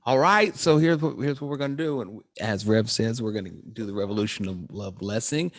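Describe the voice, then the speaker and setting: A man's voice: on the low side, a little fast. A man, a bishop, leading a group blessing on a video call in a playful manner. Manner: playful, leads group chant.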